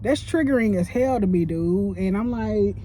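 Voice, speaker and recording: A woman who works as a cook, venting about her job in a profane, animated rant while she eats on camera, talking close into a phone. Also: moderate pace, slight background noise. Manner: profane, animated, with big swings in pitch. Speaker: line cook. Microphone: phone held close.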